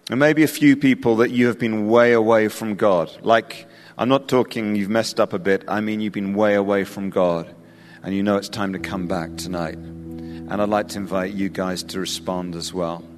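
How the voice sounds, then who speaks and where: A man's voice: on the low side, steady tone, moderate pace. An English preacher delivers an impassioned evangelistic message to a crowd. His voice rings out with a long reverb from a big hall. Faint music plays beneath his words. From England. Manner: impassioned, building to invitation then softening. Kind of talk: evangelistic sermon. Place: large hall with live audience.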